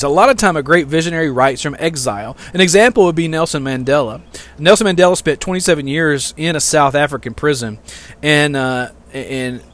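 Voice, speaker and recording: Brief: middle-aged male pastor, slightly high voice, casual sermon delivery that swells on key points. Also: a bit bright. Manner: conversational preaching with fillers and repeated lines.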